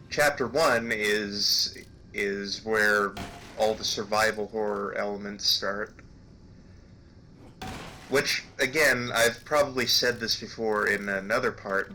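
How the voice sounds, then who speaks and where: A man's voice: on the low side, sharp tone, a little hiss or hum. A young man commenting casually on a video game, hesitant with lots of ums and uhs. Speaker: let's play commentator.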